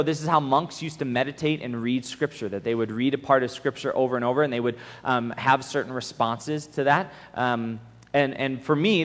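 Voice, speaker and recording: A man giving a camp sermon to youth, telling a story with lively restarts and then giving instructions. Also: medium pitch. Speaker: camp speaker. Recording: long hall reverb.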